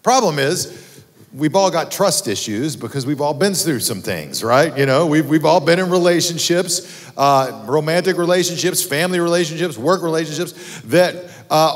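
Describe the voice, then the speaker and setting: A man's voice: fairly high pitch, in a large hall. A man from Texas preaching a sermon as pastor, telling a funny personal story in a casual, self-deprecating way. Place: church auditorium.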